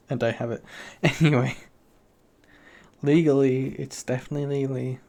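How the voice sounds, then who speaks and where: A man's voice: mid-range voice, fairly even intonation, unhurried, a little mellow. A young British man hosting a solo podcast, rambling casually with lots of swearing and self-mockery. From Britain. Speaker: podcast host.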